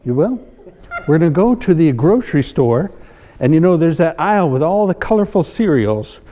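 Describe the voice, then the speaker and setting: A comedy magician performs on stage before a live audience, playfully teasing and joking with volunteers through quick asides. His voice is a little high and dark-toned, with big pitch swings. Hall reverb and faint room noise fill the recording.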